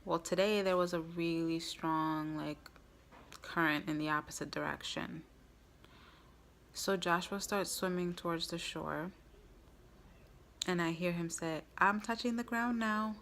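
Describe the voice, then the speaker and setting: A woman's voice: lowish voice, steady tone, unhurried, pauses often, fairly bright tone, a little hiss or hum. A woman vlogger earnestly recounting a personal story to camera, with frequent fillers.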